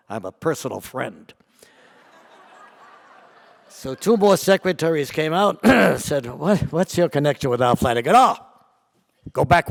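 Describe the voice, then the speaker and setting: An older man telling a personal story to a live audience, acting out the voices of the people in it with sudden leaps in pitch and loudness. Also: vocal fry. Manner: animated, acts out quoted voices with big jumps in pitch and loudness. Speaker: guest storyteller. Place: large auditorium. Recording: long reverb of a large hall.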